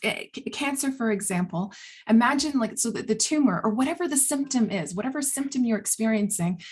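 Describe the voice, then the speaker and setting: A woman speaking as a holistic health coach in a casual, earnest vlog monologue, animated and blunt, often laughing between phrases. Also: a little high, brisk, breathy edge. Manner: blunt, self-described swearer.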